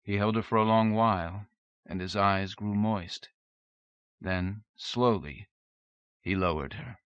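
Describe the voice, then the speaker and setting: A man narrating an audiobook in a steady, measured reading voice, in a dull, dry tape recording. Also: fairly low pitch, clear, resonant tone, dry recording.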